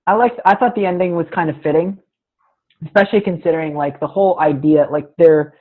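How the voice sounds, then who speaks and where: A man's voice: on the high side, fairly quick. A man co-hosting a casual film-discussion podcast, speaking in a thoughtful, hesitant way with frequent restarts. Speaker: podcast co-host. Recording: tinny phone-like call line.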